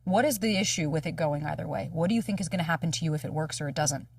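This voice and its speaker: Fast-talking husky woman coach. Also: low-pitched, no room sound, recorded from a distance. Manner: fast, emphatic, swears freely, acts out quoted dialogue. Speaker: dating coach, podcast guest. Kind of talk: candid conversational coaching.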